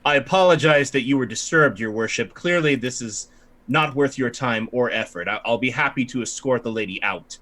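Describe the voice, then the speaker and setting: A man voicing a stern, contemptuous male church minister who speaks in a loud, strident way. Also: medium pitch, a little fast, natural voice. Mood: curt.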